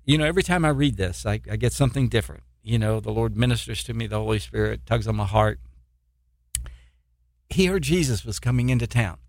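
A man's voice: mid-range voice, lively intonation, brisk, no room sound, studio quality. A man preaching an informal sermon in a plain, earnest way, often restarting his sentences. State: eye pain, poor sleep.

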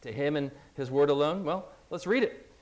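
A man preaching a sermon, emphatic and at times exhorting loudly, acting out the doubts of believers. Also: a little high, moderate pace, dull audio. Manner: emphatic, rising to loud exhortation; acts out voices of doubting believers.

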